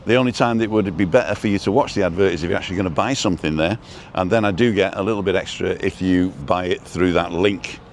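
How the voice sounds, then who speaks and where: Chatty man, fairly low voice. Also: fast talker, few pauses, slight background noise. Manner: chatty, rambling, reads out viewer comments. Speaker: live-stream host. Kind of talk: casual live-stream chat.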